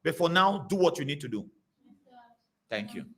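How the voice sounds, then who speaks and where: Animated high-voiced male preacher. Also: normal speed. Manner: animated, repetitive, storytelling. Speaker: pastor. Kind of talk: preaching to a congregation.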